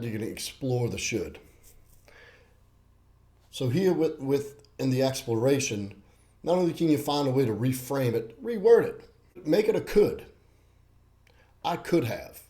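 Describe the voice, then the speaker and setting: Male host, blunt self-help coach, mellow tone, repeats himself for emphasis. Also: mid-range voice. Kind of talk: self-help talk to camera.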